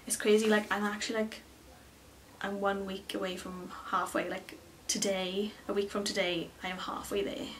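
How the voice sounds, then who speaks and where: A young woman, rambling excitedly in a casual story to camera, full of fillers. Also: medium pitch, normal speed, distant mic, a little hiss or hum. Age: early 20s. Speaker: beauty vlogger.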